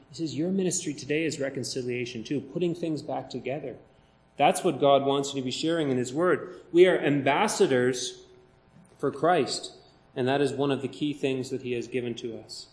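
A man preaching a sermon, slowing down and stressing the words when he quotes scripture. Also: medium pitch. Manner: emphatic, slows down to stress scripture.

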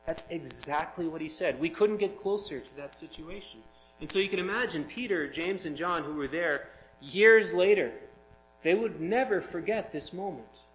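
A man's voice: a little high, moderate pace, a little hiss or hum, rough recording. A man preaching a sermon, reading scripture aloud and explaining it with rising emphasis. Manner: expressive, builds to emphatic peaks.

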